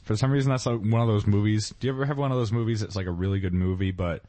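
A man's voice: fairly low pitch, fairly even intonation, racing, mellow, dry recording. A man co-hosting a podcast in a small studio, chatting loosely and casually, using "like" a lot and trailing off mid-sentence. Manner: loose, laid-back, uses "like" often, trails off mid-sentence. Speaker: podcast co-host. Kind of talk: casual chat.

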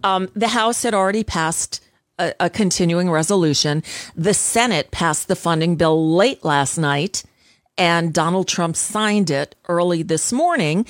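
A woman's voice: mid-range voice, no room sound, studio quality. Blunt, sarcastic woman talk host. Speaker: radio talk show host. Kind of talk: opinionated talk radio commentary.

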